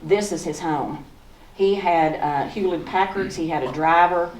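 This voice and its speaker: A woman in her sixties with a Southern accent talks in a low, unhurried voice, sharing folksy memories while pointing at photos. She is recorded from across an echoey museum room, with a faint hum of background noise. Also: darkish tone, distant mic. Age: 60s. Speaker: author giving a talk. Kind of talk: slideshow talk with personal memories.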